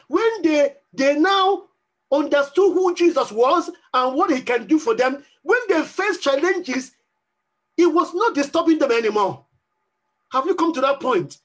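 A man's voice: very high-pitched, a bit bright. A man preaching a sermon as pastor, repeating phrases for emphasis and acting out pleading prayers.

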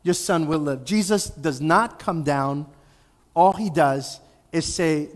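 A man's voice: fairly high pitch, slow pace, long reverb tail. A man preaching a sermon as pastor, talking conversationally and pressing his points with rhetorical questions. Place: church sanctuary.

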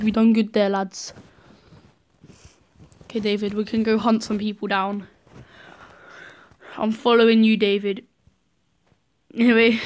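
Excitable woman gaming commentary. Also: on the high side. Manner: excitable, cheers and scolds teammates. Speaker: gaming video host. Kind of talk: live gameplay commentary.

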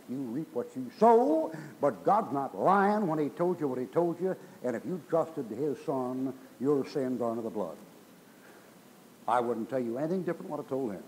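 A pastor preaching a revival sermon in a folksy, colloquial storytelling manner, in a church. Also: male voice, medium pitch, expressive, moderate pace, a little mellow, a little hiss or hum, low-quality recording. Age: older. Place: church sanctuary.

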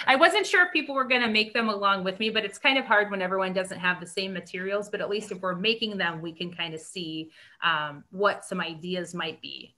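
A woman's voice: medium pitch, fairly quick, bright, forceful tone. A middle-aged woman presenting a live craft workshop in a chatty, upbeat way, laughing often. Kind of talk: casual live craft demonstration.

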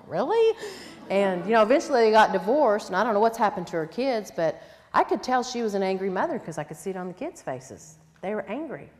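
With a medium-pitched, darkish voice, an older woman gives a parenting sermon as a conference speaker in a church conference hall. Her manner is sincere and straightforward, sprinkled with quoted asides, and the sound carries a long hall reverb.

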